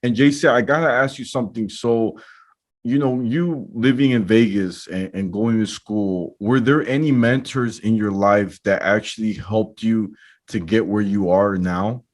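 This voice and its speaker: A man's voice: fairly low pitch, measured pace. A man hosting a podcast, interviewing his guest in an encouraging, reflective way. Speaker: podcast host.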